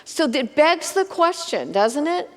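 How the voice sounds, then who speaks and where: A woman teaching a women's Bible study in a conversational, animated way, talking straight to her group. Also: high-pitched, unhurried, long reverb tail.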